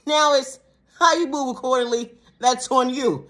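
A woman vlogger ranting to the camera in a casual monologue, laughing often between phrases and swearing heavily. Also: moderate pace. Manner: calm lower-voiced affirmations in the closing sign-off.

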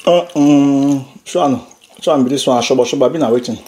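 Mellow and mid-range, the man speaks at a normal speed as he hosts his family's casual eating video at home. He's the father and channel host, joking with his daughter and laughing frequently while he eats.

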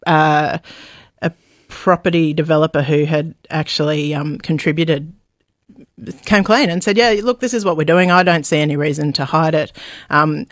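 A woman's voice: deep voice, fairly even intonation, moderate pace, no room sound, studio quality. A middle-aged Australian woman, a journalist guest in a radio interview, speaking thoughtfully with many ums and restarts. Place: radio studio.

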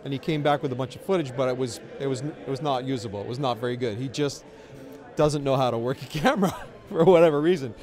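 A man's voice: mid-range voice, fast talker, a little mellow. A middle-aged man in a casual interview, telling stories in a chatty, wry and self-deprecating way. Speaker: interviewee, filmmaker. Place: outdoors at a festival.

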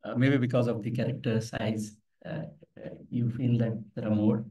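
A man's voice: medium pitch, flat delivery, moderate pace, dark tone. A man giving a live tech demo at a meetup, talking casually, telling anecdotes and asking the audience questions. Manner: conversational, tells anecdotes, asks the audience questions. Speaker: meetup presenter. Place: office meeting room. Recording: voice from far off the mic.

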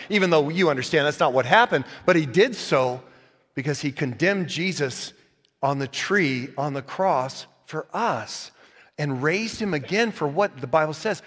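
A male pastor preaching a sermon, animated and joking, swinging from quiet asides to loud emphatic points. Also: a little high, long reverb tail. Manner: joking, laughs at own stories. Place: church sanctuary.

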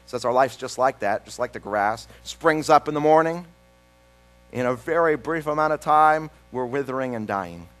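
A man pastor reading a psalm aloud and then preaching a sermon, slowing down and pausing for emphasis. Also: medium pitch, lively intonation, fairly bright tone, soft background music, rough recording. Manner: reads scripture then preaches with slow, emphatic pauses.

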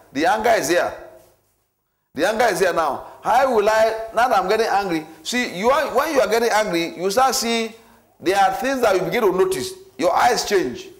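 Guy teaching a church marriage class, kinda high voice, repeats stuff a lot and acts out little scenes. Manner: repetitive, animated, acts out scenarios.

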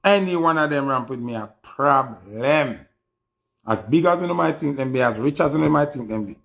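A Jamaican man speaks on a live stream, delivering slow, emphatic warnings. His mid-pitched voice carries a gravelly fry throughout. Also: lively intonation, a bit bright.

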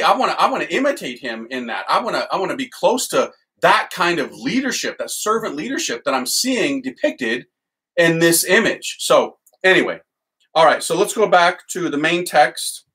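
Excitable priest with a lively high voice. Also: male voice, moderate pace, rough recording. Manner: excitable, enthusiastic, exclaims; prayerful chanting in the litany. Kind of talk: teaching talk and leading a litany.

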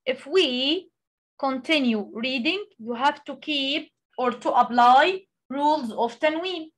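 A woman who speaks Arabic natively, teaching a tajweed lesson in English, explaining with many pauses and reciting examples. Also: sits high. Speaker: Quran recitation tutor.

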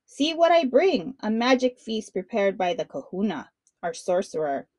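A woman reading aloud and voicing a clever, bold young island boy who calls out loudly and boastfully in a storybook. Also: mid-range voice, sing-song, normal speed, dry recording. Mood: sly. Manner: loud, boastful calling out.

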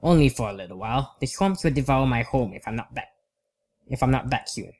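A man's voice: mid-range voice, lively intonation, a little fast, darkish tone. A man voicing a reluctant witch woman who wants to get back home, curt and impatient.

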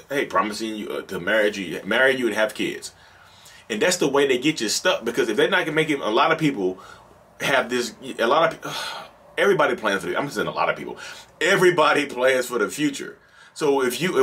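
Husky-voiced man with a Southern drawl. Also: medium pitch, a bit bright. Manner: repetitive, emphatic, restarts sentences, acts out quoted lines. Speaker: podcast host. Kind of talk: casual solo podcast monologue.

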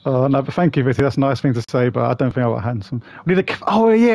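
A man's voice: mid-range voice, fast, few pauses, a little mellow. A British man streaming a game, chatting casually with viewers, laughing often and joking about himself.

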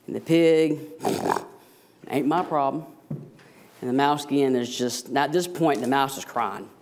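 A man's voice: medium pitch, normal speed. A man, an associate pastor, preaching a sermon and telling a story with jokes. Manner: storytelling, animated, self-deprecating jokes.

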